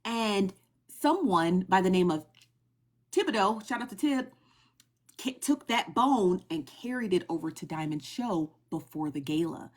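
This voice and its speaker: A young woman on a phone livestream, casually recapping online gossip in a chatty, animated way and asking her viewers questions. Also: mid-range voice, a little slow. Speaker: TikTok live streamer sharing gossip news.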